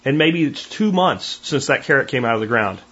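Speaking fairly quickly in a husky, mid-range voice, a middle-aged man hosts a podcast and casually tells stories. He is an animated storyteller who voices the people he quotes, delivered as a monologue over a dull lo-fi recording.

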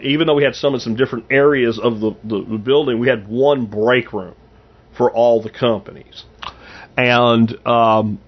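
Rambling through anecdotes with lots of restarts, a podcast host in his fifties speaks in a casual monologue. He has a mid-range voice, recorded with dull audio.

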